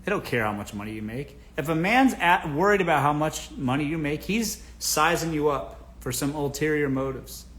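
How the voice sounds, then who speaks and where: A man hosting a casual livestream, his voice pitched a little high for a man. He gives blunt, joking answers to viewer questions and keeps addressing the audience as folks. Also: animated, normal speed, hardly any pauses, a bit bright, slight background noise. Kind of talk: casual livestream advice chat.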